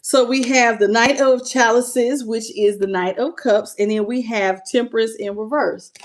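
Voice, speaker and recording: A woman's voice: on the high side, steady tone, measured pace. A woman giving a live tarot reading, greeting viewers in chat by name and talking in a playful, laughing way. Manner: playful, laughs often and sings snippets. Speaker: tarot reader.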